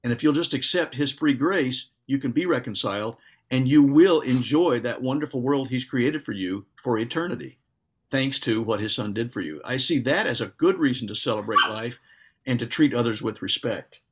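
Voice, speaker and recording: A man co-hosting a relaxed talk about faith in an everyday mid-range voice. He is earnest and agreeable, laying out his points in long, steady explanations. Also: mid-range voice, moderate pace, breathy edge. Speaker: co-host. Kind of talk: casual faith discussion.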